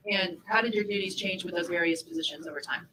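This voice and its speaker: A woman prosecutor questioning a witness in court, asking brisk, methodical questions. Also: lowish voice, noisy background. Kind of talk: courtroom direct examination.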